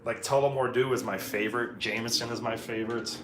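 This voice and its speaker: A man's voice: medium pitch, steady tone, brisk, a bit bright, slight background noise. A man chatting loosely and rambling on a live stream while he paints, with frequent swearing. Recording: echoey room with music in the background.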